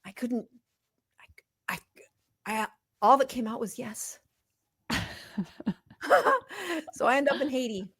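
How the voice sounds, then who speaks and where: A woman's voice: a little high, slow pace, long pauses, a bit bright, breathy edge, no room sound. A middle-aged woman physician, a podcast guest, telling her personal story candidly and with liveliness, acting out exchanges.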